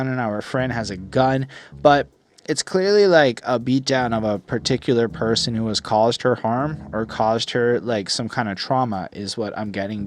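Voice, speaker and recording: A man's voice: medium pitch, a little hiss or hum. A young man hosting a podcast, reviewing an album in a rambling, casual way with lots of "like" fillers. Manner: rambling, heavy on "like" fillers, animated retelling.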